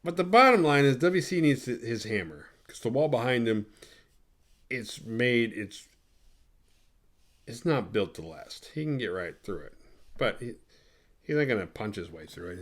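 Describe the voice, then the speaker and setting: A man's voice: fairly low pitch, expressive, normal speed. A man hosting a podcast, recapping a horror movie casually with a lot of swearing and acting out the characters. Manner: profane, rambling, acts out the characters. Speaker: podcast host.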